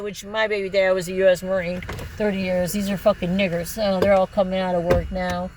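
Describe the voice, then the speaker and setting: A woman in the middle of a heated, free-wheeling rant, talking at a medium pitch for her voice. She curses freely, skips between ideas mid-sentence, and her voice jumps sharply higher when she gets agitated. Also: little pitch movement, brisk, darkish tone, a little hiss or hum, poor audio. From Michigan, United States. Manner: breaks into short laughs, pitch leaps up when agitated. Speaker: video blogger. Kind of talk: rambling monologue rant.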